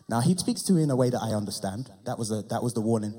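A young adult man preaching, telling a personal testimony in an animated way that builds to loud, impassioned preaching. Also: mid-range voice, very fast, hardly any pauses, slight background noise.

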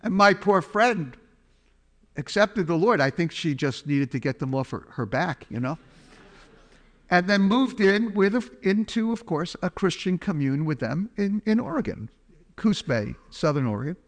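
A man's voice: sits high, expressive, normal speed. A man giving a chatty, humorous personal testimony, telling a story to an audience. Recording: long hall reverb.

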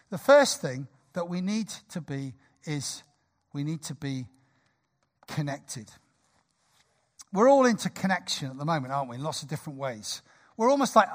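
A man in his sixties preaching a sermon in a church, lively, jokey and conversational. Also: high-pitched. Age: 60s.

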